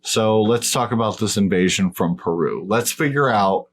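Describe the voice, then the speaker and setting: A man with a fairly low voice co-hosts a casual podcast. He talks bluntly and swears freely, waving away claims he finds foolish. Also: expressive, moderate pace. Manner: blunt, profane, dismissive. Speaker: podcast co-host.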